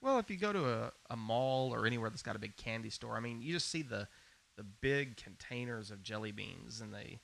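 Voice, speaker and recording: A man's voice: medium pitch, lively intonation, fairly quick, vocal fry, a bit bright, slight background noise. A man from Arkansas co-hosting a podcast, chatty and casual, trailing off and restarting. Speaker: podcast co-host. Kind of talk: casual chat.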